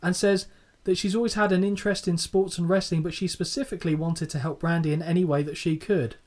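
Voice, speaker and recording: A man's voice: sits high, fairly even intonation, fast talker, darkish tone. A man co-hosting a podcast, recapping old wrestling in casual chat, swearing freely and laughing often. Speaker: podcast co-host.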